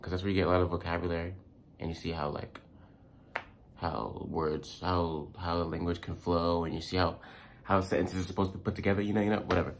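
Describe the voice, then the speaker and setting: A man's voice: low-pitched, flat delivery, brisk, a little hiss or hum. A young American man giving casual language-learning tips in a rambling vlog, full of fillers and restarts. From United States.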